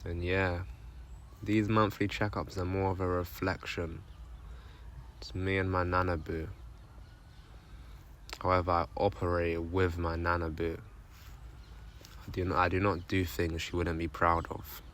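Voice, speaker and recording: Deep-voiced young man vlogging. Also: flat delivery, unhurried, pauses often, fairly bright tone, a little hiss or hum. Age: 20s. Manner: earnest, self-motivating, repeats phrases. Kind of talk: personal video diary. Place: various, including outdoors at a grave.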